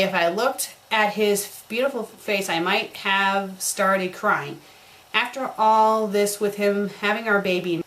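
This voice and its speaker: A woman's voice: medium pitch, a bit bright, rough recording. A woman doing a comedic dramatic reading of a bad fan story, breaking off for sarcastic, mocking remarks. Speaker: fanfiction critic.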